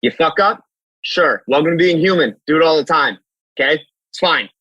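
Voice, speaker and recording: Husky guy coach on a podcast, fired up, acts out convos, swears a bit, dry close mic. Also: on the high side, normal speed, no echo, muffled recording. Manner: energetic, storytelling, acts out dialogue, swears casually. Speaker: fitness coach. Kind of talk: animated podcast conversation.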